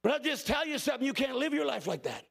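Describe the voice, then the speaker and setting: 50s pastor guy preaching loud, really high gravelly voice, big hall reverb. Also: very animated, quick pace. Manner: impassioned preaching, often shouting. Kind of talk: sermon.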